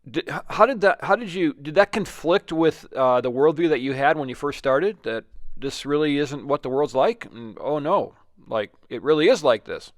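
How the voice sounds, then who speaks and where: A man's voice: on the high side, lively intonation, normal speed, dry recording, clean studio sound. A man hosting an interview, asking questions in a hesitant, inquisitive way with frequent restarts. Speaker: host. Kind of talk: conversational interview.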